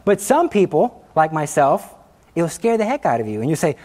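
A man in his thirties, a Catholic speaker, telling a personal faith story in an informal talk, lively and acting out voices. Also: fairly high pitch, normal speed. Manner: animated, acts out quotes, laughs at himself. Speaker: Catholic speaker giving a testimony.

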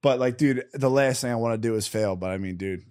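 A man's voice: mid-range voice, brisk, darkish tone. A man co-hosting a podcast, rambling in slangy casual chat with friends. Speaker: podcast co-host.

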